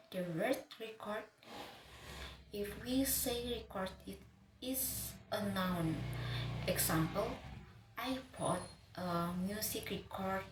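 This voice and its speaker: Woman teacher, unhurried, careful delivery, stumbles and restarts words, echoey room with faint background hum. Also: mid-range voice. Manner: halting, restarts words mid-syllable. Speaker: English teacher. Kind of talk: slow, careful lesson explanation.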